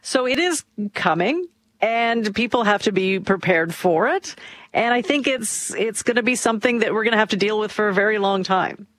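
Measured woman co-hosting talk radio. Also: mid-range voice, animated, fairly bright tone, dry recording. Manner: measured, conversational, hedging. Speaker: radio co-host.

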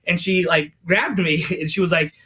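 Brief: lively man in his forties, high bright voice, acts out the quotes in his stories. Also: moderate pace, breathy edge. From United States. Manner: animated storyteller, acts out quotes. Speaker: guest, former sports mascot. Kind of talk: casual radio interview storytelling.

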